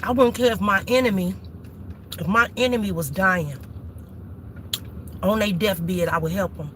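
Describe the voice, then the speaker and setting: A woman's voice: medium pitch, measured pace, fairly bright tone, a little hiss or hum. A food channel host preaching to her viewers from her car, emphatic and repetitive, calling out the audience as y'all, on a phone mic. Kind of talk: impassioned preaching-style talk to viewers.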